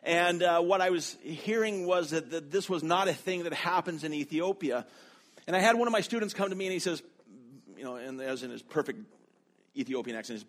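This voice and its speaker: A pastor telling a sermon story, his fairly high voice lifting sharply whenever he quotes someone. He preaches in an animated, storytelling way. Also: fairly quick. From North America.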